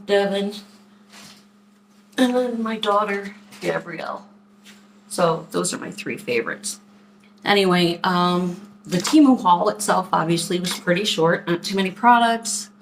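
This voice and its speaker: Low-voiced chatty woman telling stories. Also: a little hiss or hum. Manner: chatty, animated, quoting people in her stories. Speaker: vlogger. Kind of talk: casual storytelling to camera.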